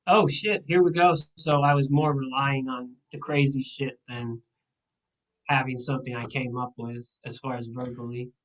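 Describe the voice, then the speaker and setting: A man's voice: medium pitch, level tone, moderate pace, distant mic, rough recording. A man in a wrestling class talking candidly about his own performance, swearing casually. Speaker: wrestling student. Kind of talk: casual reflection.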